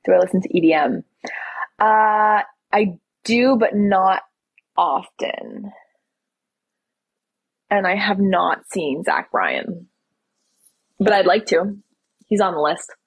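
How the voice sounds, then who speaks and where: A woman's voice: medium pitch, slow, vocal fry, long pauses, breathy edge, no room sound, rough recording. A young woman from Toronto hosting a casual live stream, reading viewer questions aloud and answering them candidly. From Toronto, Canada. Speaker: livestream host.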